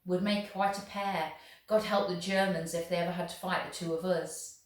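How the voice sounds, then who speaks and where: A woman reading aloud, voicing an earnest, gentle fifteen-year-old farm boy. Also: lowish voice, fairly even intonation, moderate pace, recorded from a distance, lightly acted. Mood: eager. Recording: echoey room, voice off the mic.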